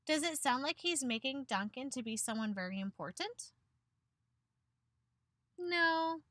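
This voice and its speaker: A woman's voice: high voice, animated, unhurried, pushed and bright, no echo. A woman teacher giving a picture-book read-aloud lesson to children, encouraging them and asking questions that she answers herself.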